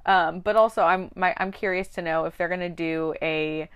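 A woman casually chatting about a TV show, animated and often acting out characters' lines. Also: lowish voice, moderate pace, clear, resonant tone.

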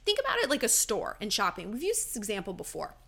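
A woman's voice: medium pitch, huge pitch swings, quick pace, vocal fry, sharp tone. A woman hosting a dating advice podcast, giving blunt, sassy advice with swearing and emphatic asides. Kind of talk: casual advice monologue.

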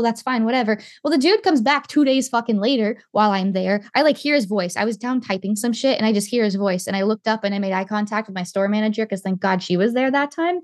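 A young woman casually telling a story in a chat, animated and swearing, acting out what people said. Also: a little high, dry recording, studio quality. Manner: animated, swearing, acts out quotes.

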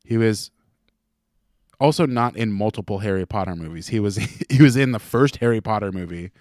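A podcast co-host jokes around in casual conversation, laughing often and swearing freely. He has a lowish, darkish voice at a moderate pace, recorded at studio quality without room sound.

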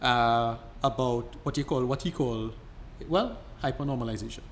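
A man's voice: medium pitch, moderate pace. Guy rambling thru a long explanation, chatty podcast vibe, bit of hiss behind. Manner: rambling, restarts often, enthusiastic explainer. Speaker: podcast co-host. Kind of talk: casual chat.

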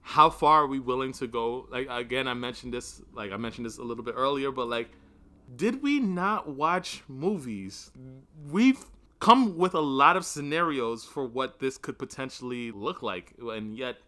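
A man co-hosting a casual podcast, his voice bright and forward. His pitch jumps around in a lively way, and he reacts expressively with laughs and exclamations. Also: moderate pace. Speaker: podcast co-host. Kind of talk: casual chat.

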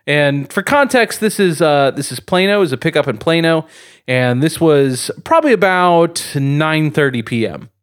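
A man co-hosting a podcast spins a long, rambling story full of fillers and little chuckles in a casual, chatty setting. His voice is fairly high and smooth, with lively intonation and a normal speed.

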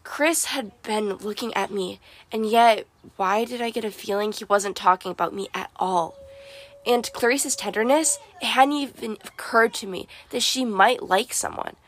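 A woman reading a first-person storybook narration, expressive and lively. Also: mid-range voice, moderate pace. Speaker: audiobook narrator.

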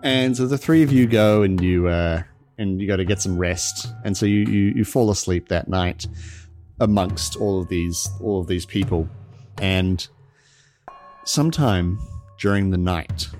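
A man narrating a tabletop game as game master, talking in a halting way full of fillers and restarts. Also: deep voice, a little mellow, faint music behind. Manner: halting, filler-heavy storytelling.

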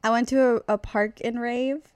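A woman's voice: a little high, steady tone, moderate pace, a little mellow, smooth, no room sound, clean studio sound. A woman hosting a podcast in casual chat, talking freely and swearing casually. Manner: chatty, laughs easily, swears casually. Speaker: podcast host.

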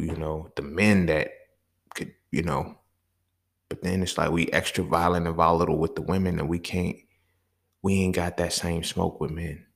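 A man with a very low, gravelly voice and plenty of vocal fry. He hosts his own podcast and rants in a heated, profane, exasperated way. He sounds like a young adult talking off the cuff. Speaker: podcast host. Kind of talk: casual solo podcast monologue.

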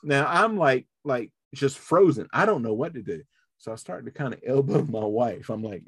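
A man's voice: mid-range voice, animated, normal speed, breathy edge, no echo, clean studio sound. A man hosting a podcast, telling a story in casual chat and acting out the voices of the people in it. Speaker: podcast host.

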